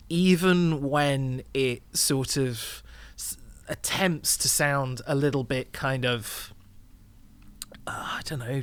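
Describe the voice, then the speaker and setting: A man co-hosting an album review chat, giving a measured, thoughtful critique with easy laughs. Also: medium pitch, a bit bright, no echo. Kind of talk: casual chat.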